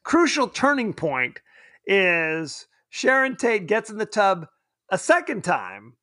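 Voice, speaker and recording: A man co-hosting a podcast, rambling and joking in casual movie chat, quick to laugh. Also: high voice, huge pitch swings, sharp tone, dry recording, studio quality. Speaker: podcast co-host.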